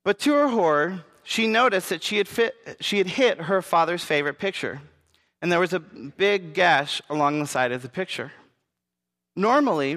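A man reading a story aloud in an earnest, gentle way, now and then speaking to his listeners. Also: high-pitched, long reverb tail. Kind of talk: read-aloud story narration.

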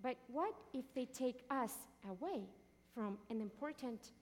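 A woman's voice: high-pitched, lively intonation, a little slow, big-room sound, slight background noise. A woman teaching a Bible passage in a sermon, often asking the listeners questions and answering them herself.

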